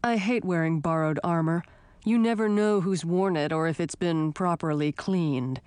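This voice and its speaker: A woman's voice: on the low side, normal speed, darkish tone, clear, resonant tone, dry recording, voice pushed down, lightly acted. A woman voicing a touchy knight who complains and grumbles in a petulant way. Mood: confiding.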